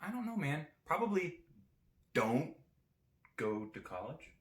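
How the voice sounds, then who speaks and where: A man's voice: fairly high pitch, unhurried. A young man co-hosting a comedy podcast, joking around in casual chat. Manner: jokey, lively, slips into silly voices. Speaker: podcast co-host. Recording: echoey room.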